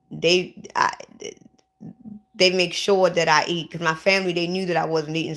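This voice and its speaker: A woman's voice: lowish voice, sharp tone. A woman who is sick and lightheaded, talking casually and upset to her livestream viewers, repeating herself and restarting often. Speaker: vlogger.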